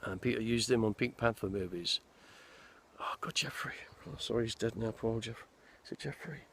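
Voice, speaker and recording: A man's voice: lowish voice, a little fast, fairly bright tone, slight background noise. A man in his sixties, an actor casually telling rambling stories of his film career outdoors in a forest. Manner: rambling, meandering storytelling with restarts. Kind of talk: casual anecdotal chat.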